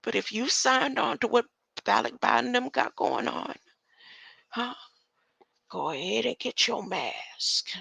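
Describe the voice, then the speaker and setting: A woman's voice: on the high side, lively intonation, unhurried, creaky, pauses often, fairly bright tone, breathy edge, no room sound, poor audio. A woman hosting a livestream, rambling through a spiritual monologue, often ending her lines with a questioning "huh?" and laughing between thoughts.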